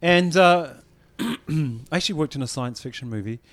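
A man's voice: a little high, expressive, moderate pace, no room sound. A man co-hosting a radio show in a studio, chatting casually with frequent ums and restarts. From New Zealand. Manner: hesitant, lots of ums and restarts. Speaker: radio co-host.

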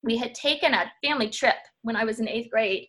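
A woman, a historian talking through her path in a relaxed interview, pausing and restarting as she thinks. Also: fairly high pitch. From Louisiana. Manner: thoughtful, frequent restarts and fillers. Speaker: historian guest. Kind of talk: casual interview talk.

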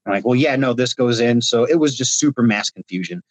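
A man from Ohio tells his stories with lively hand-waving energy in a casual video-call interview. His voice is dry and close, with no room sound. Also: mid-range voice, brisk, no room sound. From Ohio, United States. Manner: animated storyteller, gestures with his hands. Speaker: reality show contestant guest.

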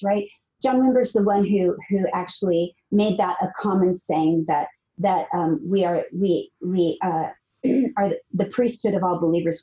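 A woman author speaks as a podcast guest, earnest and emphatic. Her voice is mellow and warm, and she repeats phrases as she builds a point. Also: medium pitch, poor audio. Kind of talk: conversational storytelling.

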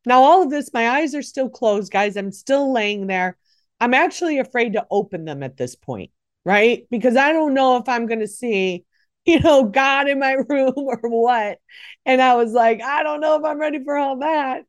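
A woman's voice: fairly high pitch, animated, normal speed, no room sound, studio quality. A middle-aged woman hosting a podcast, telling a personal faith story in a rambling, emotional way with many self-corrections. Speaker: podcast host, nurse.

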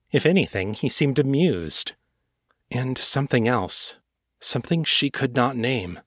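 A man narrating fiction in a measured, unhurried reading. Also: lowish voice, bright, forceful tone, breathy edge, dry recording, clean studio sound.

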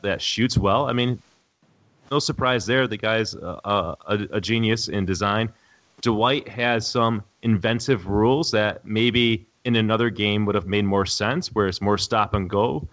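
A man's voice: on the low side, fairly bright tone, lo-fi sound. A man who is a podcast guest, giving an opinionated review of a game with frequent fillers. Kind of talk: casual chat, game review.

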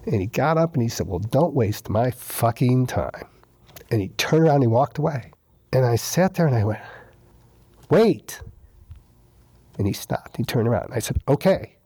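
Husky, mellow-voiced man telling his story. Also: mid-range voice, fast, no echo. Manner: animated retelling, acts out quoted dialogue, repeats himself for emphasis. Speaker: guest sharing his recovery story. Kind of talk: casual storytelling interview.

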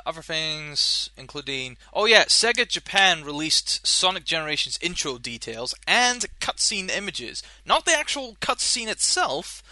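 A young man hosting a casual solo podcast, rambling and animated, swearing casually and laughing at his own jokes. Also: medium pitch, no echo. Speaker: podcast host.

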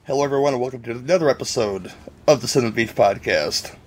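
A man hosts a casual movie podcast, chatting with his co-hosts. He jokes a lot and rambles from one thought to the next. His voice sits at a middling pitch. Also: fast talker, over music. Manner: joking, rambling. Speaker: podcast host. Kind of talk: casual chat.

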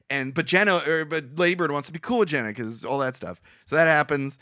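A man's voice: on the high side, animated, fairly quick, hardly any pauses, a bit bright, no room sound, clean studio sound. A young man casually recapping a film's plot on a podcast, rambling and swearing, laughing often. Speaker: podcast co-host. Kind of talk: casual movie recap chat.

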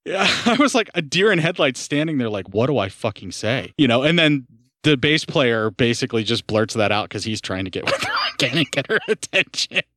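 A man's voice: medium pitch, sing-song, fairly quick, a bit bright, no room sound, studio quality. A man on a podcast telling a long, rambling story, full of fillers and swearing, acting out what people said. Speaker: podcast co-host. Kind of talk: casual storytelling.

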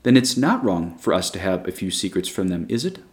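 A man reading a story aloud, voicing a gentle, persuasive female schoolteacher who speaks softly and coaxingly. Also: low voice, sing-song, a little fast.

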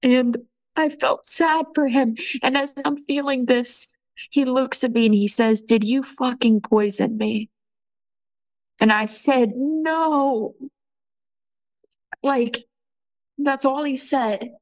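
A woman telling her own story of a painful relationship, halting and emotional, with frequent restarts. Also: sits high, steady tone, low-quality recording. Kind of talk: personal testimony.

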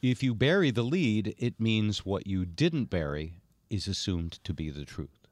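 Older male host, low, animated, dry studio sound. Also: unhurried, no echo. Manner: animated storyteller, many fillers. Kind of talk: casual chat.

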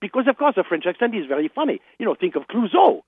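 A man's voice: high-pitched, very animated, quick pace, few pauses, no room sound. An older man chatting as a radio guest, telling stories with laughs and restarts. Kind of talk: casual anecdotal interview. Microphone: phone. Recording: phone line.

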